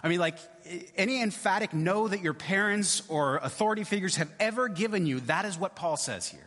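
A man's voice: sits high, animated, brisk, fairly bright tone, in a large hall. A male pastor giving a conversational sermon in church, often checking in with his listeners. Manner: conversational, repeats "right?" often.

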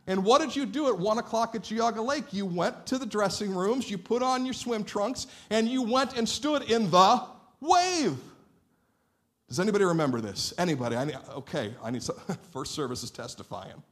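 A man with a high voice preaches in a church sanctuary. He tells lively stories and keeps asking the congregation questions. He comes from Northeast Ohio. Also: moderate pace. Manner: animated storytelling, asks the congregation questions. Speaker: pastor. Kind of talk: sermon.

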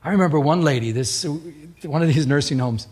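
A husky, slightly higher-pitched man preaches on the radio in an easy, conversational way. He is middle-aged and tells stories from his own life, acting out the voices of the people in them. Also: fairly quick, darkish tone. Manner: conversational storytelling preacher, acts out quoted voices. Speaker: pastor. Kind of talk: radio sermon.

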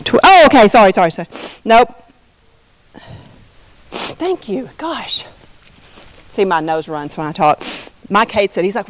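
A woman's voice: medium pitch, expressive, unhurried, pauses often, low-quality recording. A woman leading an informal Bible study, chatty and jokey, often breaking off mid-sentence. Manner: chatty, self-interrupting, jokey asides.

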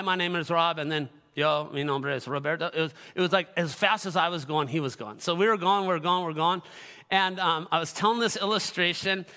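A middle-aged man preaching a sermon in a church, telling stories animatedly and building to shouted exhortation. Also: high voice. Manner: animated storytelling with laughter, rising to shouted exhortation. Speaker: pastor. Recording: echoey church hall.

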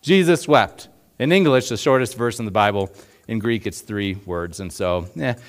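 A man's voice: fairly low pitch, expressive, moderate pace. A man in his forties preaching a sermon in a conversational way, with rhetorical questions and many fillers. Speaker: pastor.

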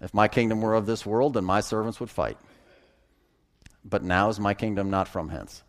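A man voicing a calm, composed teacher who speaks quietly and steadily. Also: fairly low pitch, normal speed, voice pushed down, lightly acted.

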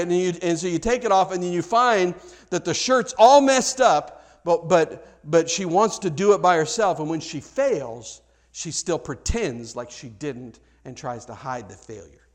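Middle-aged guy pastor, kinda high voice, chatty sermon, keeps restarting sentences. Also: expressive, measured pace. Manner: conversational, self-interrupting, acts out dialogue with big pitch jumps. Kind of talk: sermon with storytelling.

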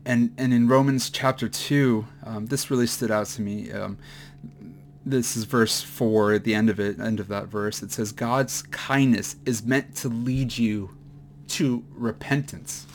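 A man's voice: mid-range voice, steady tone, slight background noise. Emotional man teaching from the Bible. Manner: halting, many fillers and restarts. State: choked up, emotional. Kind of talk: mid-week Bible teaching.

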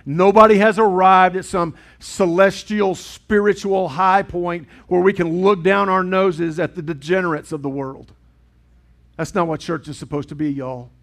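A middle-aged man preaching a sermon in a church, earnest and swinging from loud to hushed. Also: sits high, fairly even intonation, moderate pace. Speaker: pastor. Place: church sanctuary with congregation.

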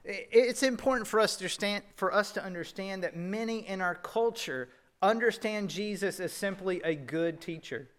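A man's voice: high-pitched, moderate pace. A male pastor with a Southern US accent preaching a sermon in a conversational way, asking his listeners questions as he goes.

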